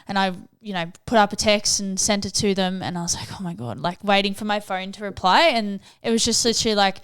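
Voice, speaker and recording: A woman's voice: medium pitch, steady tone, fairly quick, fairly bright tone, smooth, no room sound. A woman being interviewed on a podcast, telling a family story in a casual way and acting out the people she quotes. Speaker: podcast guest.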